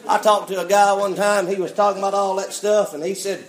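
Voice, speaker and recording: Male preacher, high voice, fiery call-and-response sermon, echoey church sound. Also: fairly even intonation, quick pace, few pauses. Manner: preaching with call-and-response, repeats "friend" and "why?". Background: congregation calling amen.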